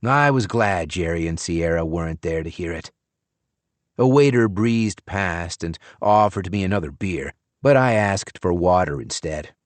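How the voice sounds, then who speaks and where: A man narrates a first-person audiobook in a low, lively voice. He tells the story in a measured, expressive way. The booth sound is dry and close. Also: no echo.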